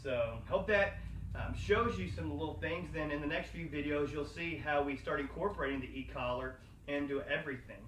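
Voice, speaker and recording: A calm man talking through his dog-training method in a somewhat raised voice. His voice carries an echo, as if the mic sits back across an indoor room, with a faint hum of ambience under it. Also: a little high, far from the mic. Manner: calm, explanatory, praising a dog in a slow sing-song. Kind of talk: instructional video talk. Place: inside a house.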